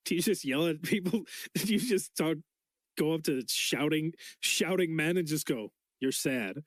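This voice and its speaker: A man's voice: fairly high pitch, unhurried, no echo. A man on a podcast, teasing the others in a goofy, profane way and acting out silly bits. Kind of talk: casual podcast chat.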